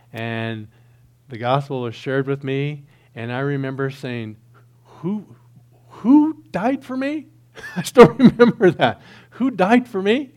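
A middle-aged pastor with a mid-range voice preaches a sermon built around a personal story. He swings between hushed, quiet stretches and loud, excited bursts.

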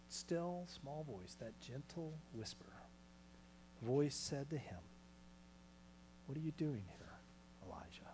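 A male pastor delivers a sermon in a small church, his mid-pitched voice rising to loud calls and then dropping to hushed, almost whispered lines. A faint electrical hum sits underneath the recording.

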